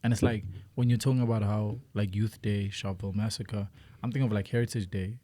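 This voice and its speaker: A man's voice: on the low side, fairly even intonation, fast, mellow. A South African man co-hosting a podcast, chatting casually and telling stories with many fillers. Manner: laid-back, storytelling, many fillers. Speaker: podcast co-host. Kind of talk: casual chat.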